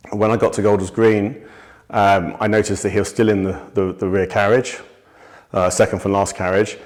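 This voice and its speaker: A man giving a testimony, recounting a personal incident in a measured, steady way with small restarts. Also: low-pitched.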